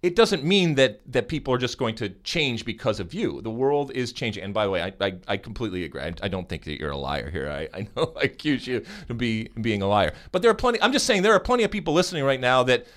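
Animated American man hosting a podcast. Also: medium pitch, fast, hardly any pauses. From United States. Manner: animated and teasing, with many restarts. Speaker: podcast host. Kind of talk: casual podcast chat.

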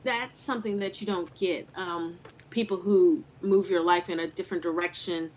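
A woman's voice: fairly low pitch, steady tone, normal speed, a little mellow. A woman filmmaker telling a personal story in an interview over a video call, earnest and emotional, laughing often. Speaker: filmmaker guest. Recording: slightly dull lo-fi sound.

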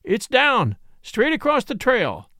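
A man reading aloud and voicing an army captain who calls out news excitedly. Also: high-pitched, moderate pace, no room sound, studio quality, heavily acted. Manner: calling out excitedly.

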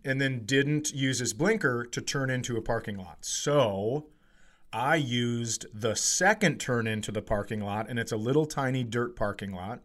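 A man in his forties, a comedian telling a story in casual chat, swearing and getting animated as he acts out a heated argument. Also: mid-range voice, normal speed. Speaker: comedian podcast co-host.

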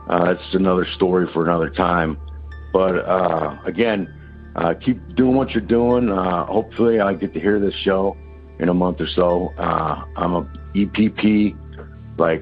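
A man calling in to a podcast, telling a ghost story in a rambling, halting way with many restarts and fillers. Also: low voice, narrow, tinny audio. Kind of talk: casual phone-in storytelling.

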